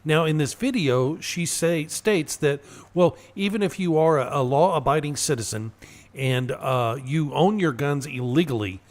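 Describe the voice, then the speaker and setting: A man co-hosting a casual political talk radio show, talking in a halting way with fillers and restarts. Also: a little high. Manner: halting, lots of fillers and restarts, laughs at own stories. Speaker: radio co-host.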